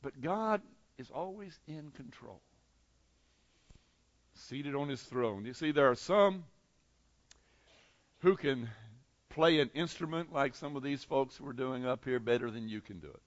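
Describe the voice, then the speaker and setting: A pastor preaching a sermon to his congregation, swinging between loud declarations and soft, intimate passages. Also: medium pitch, moderate pace, dry recording, muffled recording. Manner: impassioned preaching with dramatic swings in volume.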